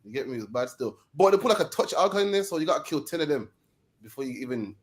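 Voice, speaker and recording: Guy talking real quick, joking around, slightly high voice. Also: very animated. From England. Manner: quick, bantering. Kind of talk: casual chat.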